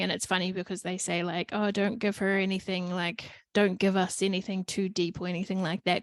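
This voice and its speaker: A woman's voice: mid-range voice, no room sound. Woman podcast host, mid-range voice, candid rambling chat with casual swearing, dry close mic. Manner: candid, rambling, frequent "like" and "you know". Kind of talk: casual reflective monologue.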